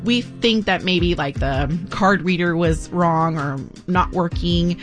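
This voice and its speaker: A woman's voice: fairly low pitch, slow pace, faint music behind. A woman telling a casual personal story on the radio in a chatty way, laughing often. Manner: chatty, laughs often, acts out quoted people. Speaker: radio devotional speaker.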